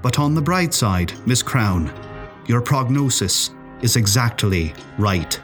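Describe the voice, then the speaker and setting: A man's voice: medium pitch, big pitch swings, slow pace, music in the background. A man voicing a sing-song Ulster professor. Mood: wry. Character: genial older male Irish professor, wry. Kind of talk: storytelling acting.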